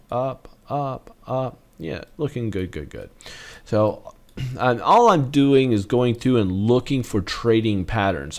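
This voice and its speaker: A man with a fairly low voice talks viewers through price charts as a trading lesson. His pitch swings widely as he gets excited, and he punctuates each move with sound effects. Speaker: trading educator.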